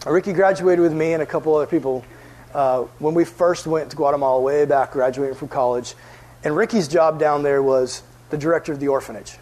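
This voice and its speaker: A young adult man giving a youth sermon in a lively storytelling way, acting out voices and sometimes dropping almost to a whisper. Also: fairly high pitch, a little fast, rough recording. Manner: animated storyteller, acts out voices, drops to near whisper. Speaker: youth pastor.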